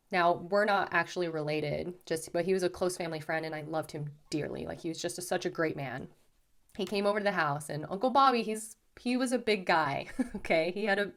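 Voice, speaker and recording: A woman host casually recounting a spiritual experience to her viewers, chatty and animated, often saying "like" and "okay". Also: lowish voice. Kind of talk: casual storytelling to camera.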